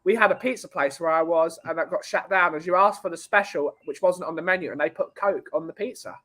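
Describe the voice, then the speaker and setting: A man hosting a laid-back podcast, telling rambling jokey stories. His voice sits a little high for a man. He talks in a loose, chatty way. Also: fast talker, sharp tone. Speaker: podcast host. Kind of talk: casual chat.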